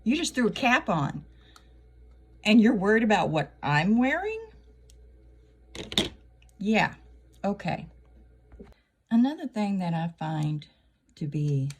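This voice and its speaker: Chatty middle-aged woman, low voice. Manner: chatty, wry, laughs at her own jokes. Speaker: channel host. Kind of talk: casual comedic monologue.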